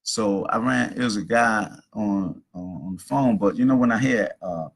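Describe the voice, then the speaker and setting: A middle-aged man hosts a casual livestream from his home. He talks in a rambling, preachy way, telling stories as they come to him. His voice is gravelly and husky. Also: on the low side, normal speed. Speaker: host.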